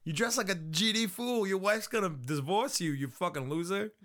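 A man's voice: high voice, normal speed, a bit bright, pitched above the performer's own voice. A man voicing a short-tempered male fighter who hurls crude insults in a raised voice. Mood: indignant.

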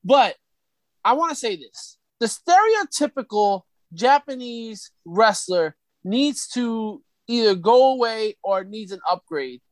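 A man's voice: high voice, lively intonation, slow, dry recording. A man co-hosting a podcast in casual chat, giving opinions and picking his words carefully. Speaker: podcast co-host.

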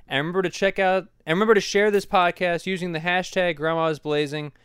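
A man's voice: sits high, steady tone, fairly quick, a bit bright, clear, resonant tone, no room sound, studio quality. A man hosting a podcast, chatting casually and teasing his grandmother. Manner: teasing, joking. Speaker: podcast host. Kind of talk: casual chat.

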